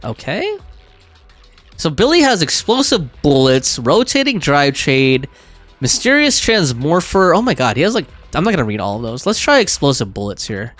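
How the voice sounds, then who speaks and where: A man's voice: on the high side, very animated, normal speed, fairly bright tone, no echo, soft background music. A man streaming a video game live, chatting casually with viewers, laughing often and reading game text aloud. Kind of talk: casual live-stream chat while gaming.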